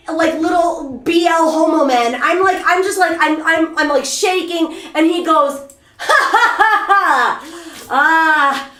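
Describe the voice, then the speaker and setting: A woman streamer telling a story in a rambling, animated, self-deprecating way. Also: extremely high pitch, roomy sound. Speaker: VTuber streamer. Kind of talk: casual storytelling.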